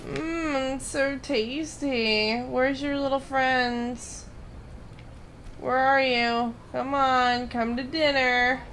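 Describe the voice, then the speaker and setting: Woman putting on a slow, gloating werewolf, hungry for dinner, bright-toned. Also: high voice, steady tone, slight background noise, exaggerated voice.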